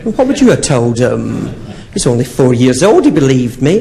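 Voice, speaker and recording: A man's voice: mid-range voice, sing-song, normal speed, vocal fry, mellow. A man doing a drag comedy act on a theatre stage, telling saucy stories in a camp, sing-song manner. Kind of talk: bawdy stand-up storytelling. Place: theatre stage, live show.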